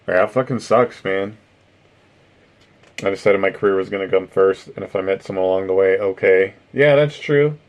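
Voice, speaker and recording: A middle-aged man hosts a live stream, reading chat and talking casually with viewers as he rambles, swears, and laughs a lot. His voice is low and moves at a normal pace, though the recording sounds muffled.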